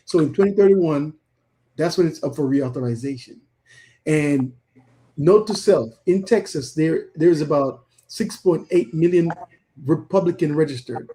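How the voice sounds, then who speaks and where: A man's voice: fairly high pitch, a little slow, dark tone, low-quality recording. A man co-hosting a casual podcast, earnestly urging listeners to get out and vote. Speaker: co-host.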